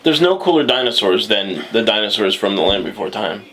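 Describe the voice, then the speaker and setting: A man on a podcast panel in casual chat, excitable and rambling, laughing often. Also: on the low side, fairly quick.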